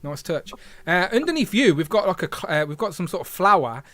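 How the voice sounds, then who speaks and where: A man's voice: high voice, very animated, brisk, fairly bright tone, no room sound. A man hosting a casual livestream, chatting and reading viewer comments aloud with filler hums. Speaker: livestream host.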